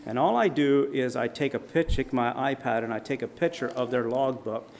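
Male preacher, storyteller, middle pitch, faint room noise behind. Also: moderate pace, vocal fry. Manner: vivid storyteller, dramatic shouts in quotes. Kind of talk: sermon illustration storytelling.

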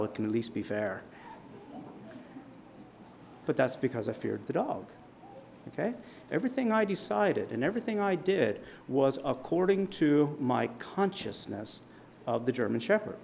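Male preacher, storyteller, middle pitch, faint room noise behind. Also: animated, a little slow, gravelly, pauses often. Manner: vivid storyteller, dramatic shouts in quotes. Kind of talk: sermon illustration storytelling.

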